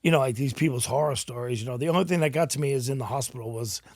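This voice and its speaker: Brief: man in his 40s from New England, blunt and animated storyteller, mid pitch, dry close-miked sound. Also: rapid-fire, vocal fry, no room sound. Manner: animated, blunt, casual swearing. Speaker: podcast guest. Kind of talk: casual storytelling.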